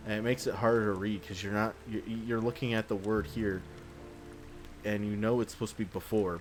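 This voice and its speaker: A man's voice: on the low side, fairly even intonation, fairly quick, soft background music. A man hosting a game playthrough, ranting in an exasperated, rambling way and swearing often. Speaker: let's play host. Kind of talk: gameplay commentary, ranting.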